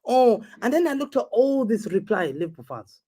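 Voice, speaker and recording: A young man co-hosting a football podcast, chatting in casual banter, excitable and teasing, laughing often. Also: very high voice, normal speed.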